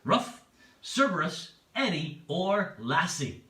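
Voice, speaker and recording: A man's voice: high-pitched, sing-song, a little slow, bright, forceful tone, distant mic. A man hosting a livestreamed pub quiz in a chatty way, repeating each question and laughing at his own jokes. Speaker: quiz host. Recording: echoey room, away from the mic.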